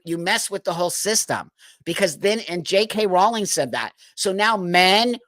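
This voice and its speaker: A man's voice: high-pitched, pushed and bright, no room sound. A man hosting a live stream, ranting in exasperation, swearing and laughing in disbelief. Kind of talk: casual live stream commentary.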